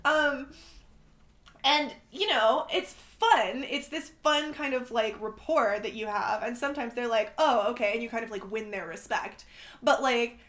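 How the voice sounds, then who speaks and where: A woman chatting casually on a podcast, animated and sweary, full of "like" and "right?". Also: on the high side, a little slow. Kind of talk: casual conversational chat.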